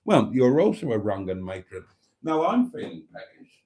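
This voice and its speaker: A man's voice: lowish voice, big pitch swings, normal speed, a little mellow, husky. A middle-aged man hosting a casual live stream, reading out viewer comments and teasing them in a chatty way.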